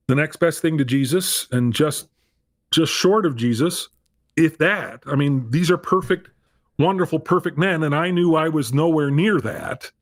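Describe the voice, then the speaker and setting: A man's voice: a little high, no echo, studio quality. Candid self-deprecating middle-aged man. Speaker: guest. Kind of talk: storytelling in a conversation.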